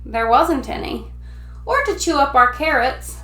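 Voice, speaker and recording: A woman teacher reading a children's picture book aloud with lively, expressive storytelling. Her voice sits high, and the recording carries a noticeably echoey room sound. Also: unhurried, faint music behind.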